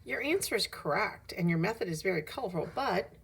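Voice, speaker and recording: A woman doing a gentle, pitying schoolteacher. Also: medium pitch, lively intonation, fairly quick, creaky, slightly rough, full character voice. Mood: gently correcting. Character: kindly fussy female schoolteacher.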